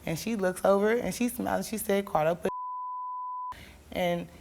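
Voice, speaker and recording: Brief: young woman, talk show guest, distraught and pleading, medium pitch. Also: moderate pace, creaky, background noise. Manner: tearful, pleading, rising to shouts. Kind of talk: emotional talk show testimony.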